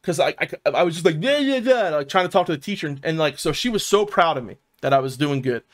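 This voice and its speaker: Talking fast in a slightly high voice, this South Philly man vlogs about his own recovery in a casual, storytelling way. He rambles and swears, leaning on "man" and "dude" to fill the gaps.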